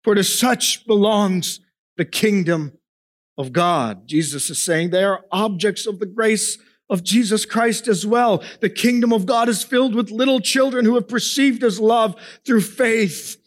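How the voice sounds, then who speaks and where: A man preaching a sermon as a pastor, emphatic, swinging between raised and hushed delivery and asking the congregation questions. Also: high-pitched, a little slow.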